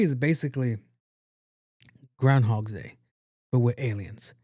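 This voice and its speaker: A man's voice: mid-range voice, normal speed, mellow, dry recording, clean studio sound. A man hosting a podcast, recapping a movie in a rambling, profane, casual way and acting out the characters' lines. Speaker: podcast host.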